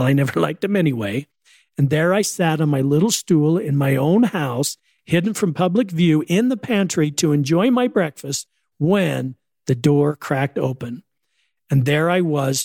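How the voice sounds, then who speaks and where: A man's voice: a little high, darkish tone, dry recording, studio quality. Wry older grandfather telling jokes. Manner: wry, storytelling delivery. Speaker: speaker on humor. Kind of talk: storytelling talk with jokes.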